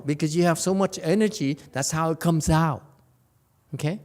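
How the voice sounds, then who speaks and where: A man's voice: a little high, normal speed, a little mellow. Playful, teasing male Buddhist teacher. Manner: playful, teasing, laughs often, keeps asking "okay?". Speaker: Buddhist teacher giving a Dharma lecture. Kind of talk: informal Dharma talk. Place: temple lecture hall.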